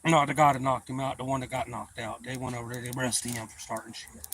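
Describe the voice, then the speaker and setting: A man hosting a livestream, telling profane stories in a casual, animated way and acting out the voices of the people in them. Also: medium pitch, fast talker, slight background noise, low-quality recording. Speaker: livestream host. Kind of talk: casual storytelling.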